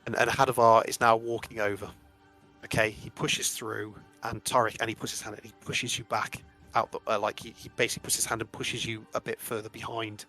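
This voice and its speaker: A man's voice: lowish voice, little pitch movement, brisk, sharp tone. A man narrating a tabletop game as game master, rambling with many restarts. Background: faint music.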